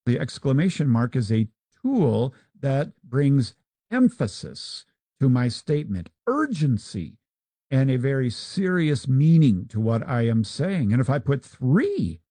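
A man explains scripture in a conversational teaching style, full of asides and examples. His voice sits in a middle pitch with a warm, dark tone. The recording is dry and close. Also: husky, dry recording.

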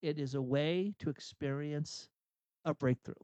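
A man's voice: on the high side, a little slow, a little mellow, no echo. A man hosting a Catholic radio talk, speaking earnestly and acting out inner dialogue as he preaches. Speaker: radio host and executive coach.

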